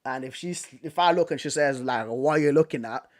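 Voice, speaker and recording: A young British man from Manchester, a vlogger telling a story in a casual, animated way, repeating himself and using slang. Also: mid-range voice, fairly quick. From Manchester, England. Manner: animated, repetitive, slangy retelling.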